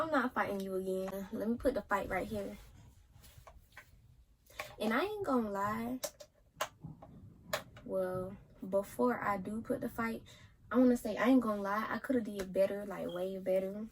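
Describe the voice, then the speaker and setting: A teenage girl, casually telling a story in an animated way for a vlog. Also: mid-range voice, a little hiss or hum, rough recording. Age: teens. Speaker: vlogger.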